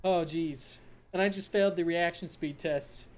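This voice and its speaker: A man's voice: on the high side, fairly even intonation, normal speed, a little mellow. A man streaming a game, reading its narration aloud and reacting casually with swearing.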